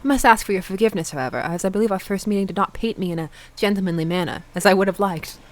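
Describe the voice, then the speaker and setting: Woman putting on a pompous fake-British gentleman. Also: medium pitch, racing, close to an everyday voice. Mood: grandly formal. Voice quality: pompous, theatrical. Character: formal old-fashioned gentleman writing a flowery letter.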